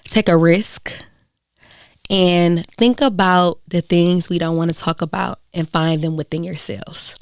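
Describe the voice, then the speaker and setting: A woman's voice: fairly low pitch, steady tone, moderate pace, clear, resonant tone, dry recording, clean studio sound. A young adult woman hosting her solo podcast, talking in an earnest, encouraging way with frequent fillers. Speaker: podcast host. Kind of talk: reflective solo podcast talk.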